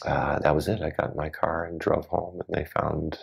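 A man's voice: extremely low pitch, little pitch movement, moderate pace, vocal fry, husky. A man as a guest on an interview show, telling a personal story earnestly and acting out the voices of people he quotes.

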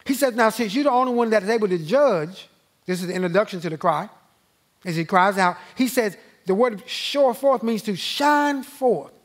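High-voiced man teaching bible study, slow emphatic delivery, repeats his points, lifts his voice on scripture. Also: animated. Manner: rises and slows when reading scripture aloud.

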